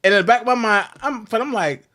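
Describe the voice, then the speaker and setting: A young man telling a story about his college days, acting out the voices of the people in it with loud jumps. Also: sits high, fast talker. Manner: acts out quotes with big loud jumps in voice. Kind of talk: animated storytelling.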